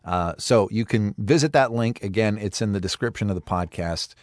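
A man's voice: lowish voice, moderate pace, no room sound. Chatty, enthusiastic male podcast host. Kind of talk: casual podcast talk.

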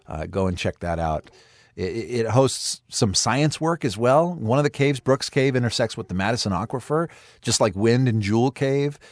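A man's voice: mid-range voice, lively intonation, moderate pace, no echo. A man hosting a podcast, talking in a chatty, enthusiastic and rambling way. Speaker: podcast host. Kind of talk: casual podcast talk.

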